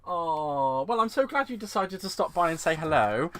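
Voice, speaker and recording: A chatty man hosts a live crafting stream from home and talks into a desk microphone. His voice is bright and swoops up and down a great deal. He stays excitable and giggly, calling viewers "sweetheart.". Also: a little high, moderate pace. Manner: bubbly and excitable, giggles often, fond terms like "sweetheart" and "bless". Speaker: crafting livestream host.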